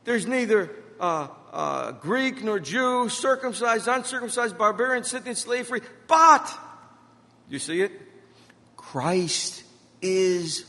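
A middle-aged pastor delivering a sermon, repeating key phrases and telling stories about his own life. His voice sits high and bright, with a forceful edge. The sound rings out with the long reverb of a church hall. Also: expressive, slow. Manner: preaching with emphatic repetition and storytelling.

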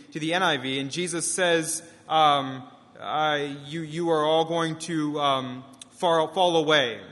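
A young man, a pastor, preaching a sermon in a church, halting often with restarts and fillers. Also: on the high side, a bit bright, in a large hall. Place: church sanctuary.

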